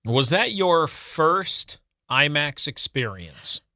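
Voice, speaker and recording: Bright-voiced man co-hosting morning radio. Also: fairly high pitch, takes it slowly, no echo, studio quality. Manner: animated, self-deprecating storytelling with fillers. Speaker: radio co-host. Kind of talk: casual morning radio chat. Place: radio studio. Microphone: studio microphone.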